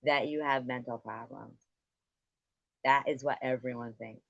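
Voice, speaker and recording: A woman hosting a live stream, taunting and swearing at a guest, her voice swinging between loud jabs and low mutters. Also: steady tone, unhurried, gravelly, no room sound. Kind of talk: heated live stream argument. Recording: dull lo-fi stream audio.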